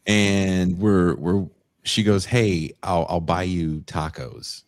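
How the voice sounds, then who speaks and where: A man's voice: low-pitched, takes it slowly. A young man co-hosting a podcast, telling stories in casual chat, swearing freely and acting out the people in them. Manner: profane, storytelling, mimics people in dialogue. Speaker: podcast co-host.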